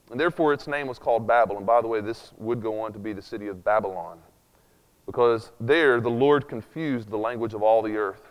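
Man preaching in an echoey church hall. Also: fairly high pitch. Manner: conversational, sarcastic asides, many fillers. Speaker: pastor. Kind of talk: sermon. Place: church hall with long reverb.

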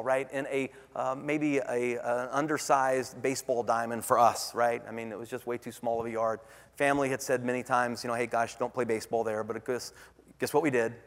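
Gravelly-voiced preacher man in a reverberant hall. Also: medium pitch. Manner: storytelling with frequent restarts and asides. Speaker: pastor. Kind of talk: sermon. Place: church sanctuary.

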